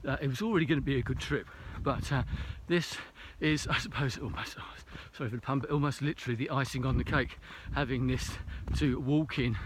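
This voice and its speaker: A man records himself outdoors on a snowy mountain walk, slightly out of breath and talking in a rambling, hesitant way full of fillers and restarts. The audio is clearly noisy, with wind and footsteps in snow behind his ordinary, mid-pitched voice. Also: a little fast, hardly any pauses. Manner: rambling, self-correcting, hesitant with many fillers. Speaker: vlogger. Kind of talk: casual vlog while hiking.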